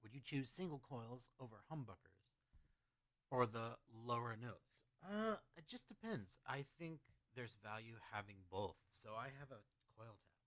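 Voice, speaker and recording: A man's voice: mid-range voice, lively intonation, a little slow, a bit bright, dry recording. A man hosting a casual livestream who chats loosely and reads out questions from his chat. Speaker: livestream host answering chat.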